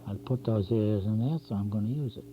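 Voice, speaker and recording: A man's voice: on the low side, fairly quick. A man hosting a drawing show, chatting through each pencil stroke as he teaches cartooning step by step. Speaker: drawing instructor and show host. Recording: dull 1990s community TV tape with faint hum.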